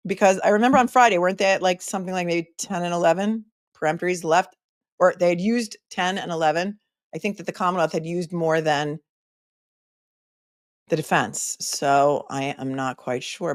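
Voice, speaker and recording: A woman's voice: lowish voice, no room sound, clean studio sound. A middle-aged woman hosting a casual live stream, reading viewer comments aloud with snarky asides and many hesitant fillers. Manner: snarky, chatty, frequent hesitations.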